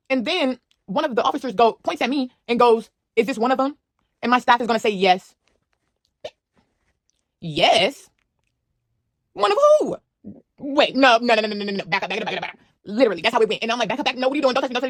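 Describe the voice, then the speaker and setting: Fast-talking young woman telling a story. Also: fairly high pitch, no echo. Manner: animated, slangy, lots of fillers and asides to the viewer. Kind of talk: casual storytime.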